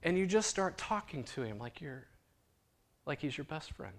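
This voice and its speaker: A man preaching as a pastor, telling a story in an animated voice that sinks to a hushed near-whisper, then leading a prayer. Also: a little high, moderate pace. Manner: animated retelling that drops to a hushed near-whisper at moving points.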